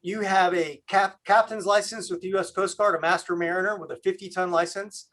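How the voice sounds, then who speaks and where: A man from Canada hosting a video call, talking in a halting way with many fillers. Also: high-pitched, steady tone, fairly bright tone. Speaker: host.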